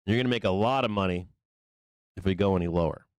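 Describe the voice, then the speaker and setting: A man hosting a live stock market show, talking through trades in a loose, profane, excitable way. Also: low voice, quick pace, clear, resonant tone, no room sound. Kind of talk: live trading commentary.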